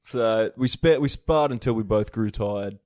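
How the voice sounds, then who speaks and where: A man co-hosting a podcast in casual chat, relaxed and agreeable, with lots of fillers. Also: fairly low pitch, measured pace, no room sound, studio quality. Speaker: podcast co-host.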